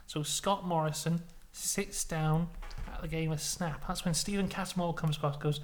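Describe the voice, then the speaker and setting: A man telling an absurd story in a deadpan, mock-serious way, with ums and uhs. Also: a little high, normal speed, hardly any pauses, a little hiss or hum. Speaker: podcast co-host, storyteller.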